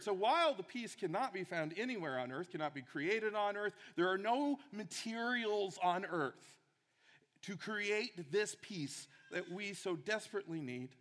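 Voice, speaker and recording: A man's voice: sits high, a bit bright, big-room sound. A man preaching a sermon, earnest and emphatic, repeating key phrases for weight.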